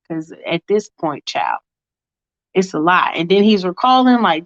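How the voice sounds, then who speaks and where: A woman tells a fan story casually, with chatty, slangy asides to her listeners. Her pitch sits in a middle range for a woman. The recording sounds dull and lo-fi. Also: moderate pace.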